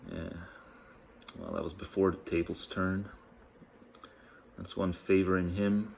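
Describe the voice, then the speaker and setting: Male commentary host, gravelly and a bit low, loose rambling delivery with frequent laughs, faint hum in the background. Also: little pitch movement, unhurried, darkish tone. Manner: rambling, thinks aloud, laughs often. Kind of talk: casual solo commentary over clips.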